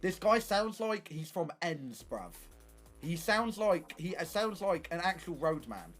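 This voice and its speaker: A young man streaming, telling stories in casual chat, animated and swearing often. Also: fairly high pitch, measured pace, soft background music.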